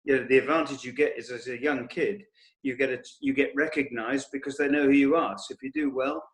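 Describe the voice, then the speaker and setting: A man's voice: mid-range voice, lively intonation, a little fast, fairly bright tone. A man, a former cricketer chatting casually on a panel and telling anecdotes, often slipping into quoted voices. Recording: roomy echo.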